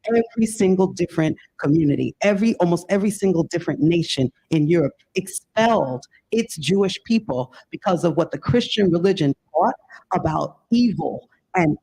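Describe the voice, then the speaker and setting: Gravelly, husky man lecturing earnestly. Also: fairly high pitch, darkish tone, poor audio. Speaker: panelist. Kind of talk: panel discussion answer.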